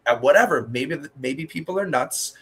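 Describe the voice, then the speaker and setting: A man's voice: a little high, normal speed, slightly rough. A man talking as a podcast guest, a blunt skeptic who rambles and tells stories in casual chat. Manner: rambling, animated storyteller with frequent laughs. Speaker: guest, minister and historian.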